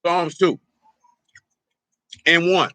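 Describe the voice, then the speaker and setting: A man's voice: fairly high pitch, fairly even intonation, very slow, pushed and bright, slight background noise. A man preaching an informal teaching sermon, teasing and bantering with the congregation as he goes. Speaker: pastor.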